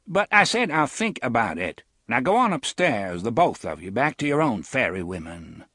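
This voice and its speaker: A man's voice: on the low side, big pitch swings, moderate pace, fairly bright tone, dry recording, studio quality, exaggerated voice. A man voicing a menacing older gunman with a wavery, sneering voice in an audiobook. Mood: curt. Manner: sneering, mocking. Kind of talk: audiobook character voice.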